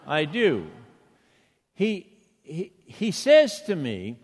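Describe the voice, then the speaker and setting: Unhurried older Boston preacher, lively voice. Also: male voice, on the high side, slightly rough, in a large hall. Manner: storytelling, conversational, with rhetorical questions. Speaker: pastor. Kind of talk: sermon.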